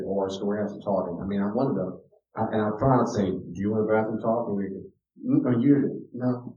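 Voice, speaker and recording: A middle-aged man lectures in a mellow, warm voice, slipping into folksy stories and repeating himself for emphasis. He stands well back from the microphone in a roomy space. The dull archive recording takes the edge off his voice. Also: fairly low pitch, distant mic. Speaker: teacher giving a parenting talk.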